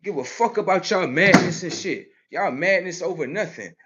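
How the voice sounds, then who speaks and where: A man in a profane, aggressive street rant, cursing and mocking, swinging between loud outbursts and low mutters. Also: lively intonation, moderate pace, lo-fi sound, a little hiss or hum. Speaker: vlogger.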